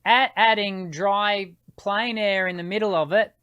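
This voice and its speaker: A man hosting an interview as a voice teacher, speaking haltingly and repeating words as he starts his sentences. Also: sits high, fairly even intonation, sharp tone, smooth, dull audio. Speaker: host, voice teacher. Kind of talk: casual interview questions.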